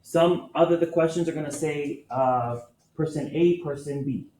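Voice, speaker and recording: A man's voice: fairly high pitch, normal speed, dark tone. A man teaching a math class, patiently explaining step by step and asking his students questions. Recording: echoey classroom with faint noise.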